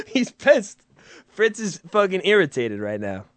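A man's voice: high-pitched, wildly swooping pitch, takes it slowly, dry recording. A man hosting a casual comedy chat, teasing his guests and laughing often. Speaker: host.

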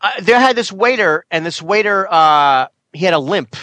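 A man's voice: high-pitched, expressive, moderate pace, sharp tone, no room sound. A man co-hosting a comedy radio show, telling a ranting story, full of stammers and swearing. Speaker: radio co-host.

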